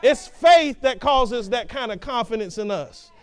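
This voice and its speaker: High-voiced, smooth preaching man. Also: lively intonation, unhurried. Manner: emphatic, with frequent restarts and "right?" asides. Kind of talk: sermon.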